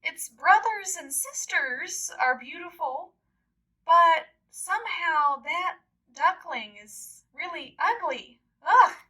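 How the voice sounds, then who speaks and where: A woman's voice: extremely high pitch, animated, slow, bright, forceful tone, heavily acted. A woman voicing a group of ducks who jeer at an ugly duckling in a disgusted, exaggerated way. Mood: mocking. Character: group of mocking ducks on a lake.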